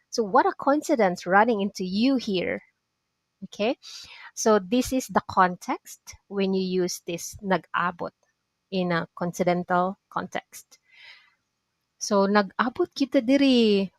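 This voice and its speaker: A woman's voice: medium pitch, a little slow, long pauses, dry recording. A woman teaching a language lesson, patiently repeating phrases and checking understanding with frequent "okay?"s. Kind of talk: explaining vocabulary lesson.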